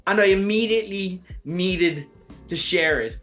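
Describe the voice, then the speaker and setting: A man's voice: high voice, unhurried, fairly bright tone, faint music behind. A man, a podcast host, introducing a clip in a sheepish, self-mocking way.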